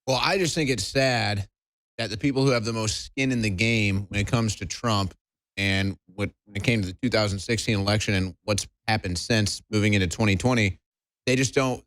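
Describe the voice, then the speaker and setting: A man speaking as a reporter on a talk show, indignant but measured. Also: lowish voice, a bit bright, no room sound. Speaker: reporter guest.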